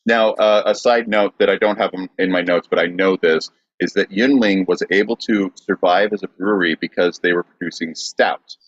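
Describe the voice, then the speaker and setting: A man co-hosting a podcast, presenting history from notes in a halting way with fillers. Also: sits low, fairly even intonation, dry recording, dull audio. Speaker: podcast co-host.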